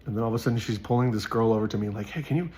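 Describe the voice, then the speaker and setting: A man's voice: on the low side, little pitch movement, racing, a little mellow. A man speaking to his viewers in a casual, earnest monologue, rambling with many fillers as he talks about his faith. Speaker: faith vlogger.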